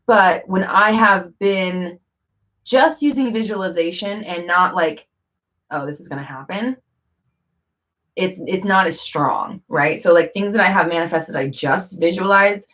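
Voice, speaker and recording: A woman's voice: fairly low pitch, a bit bright. A woman vlogger talking casually to camera, rambling with fillers and self-corrections.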